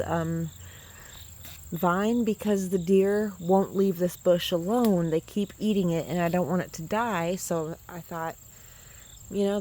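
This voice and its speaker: Touring her outdoor garden on camera, a woman rambles in casual chat and keeps correcting herself. She has a medium-pitched, darkish voice.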